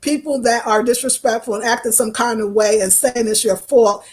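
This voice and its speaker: High-voiced expressive woman chatting with viewers. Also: moderate pace. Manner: expressive, emotional, talks to viewers as y'all. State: tired from travel. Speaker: travel vlogger reading live chat. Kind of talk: casual livestream chat.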